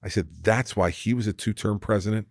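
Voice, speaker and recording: A New man in his sixties spins political war stories as a podcast guest. He acts out everyone he quotes and often doubles back mid-sentence. His voice sits on the low side and is recorded dry and close. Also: brisk, no room sound. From New Jersey, USA. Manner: animated anecdote teller who acts out quoted people, with frequent restarts. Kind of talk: casual storytelling in conversation.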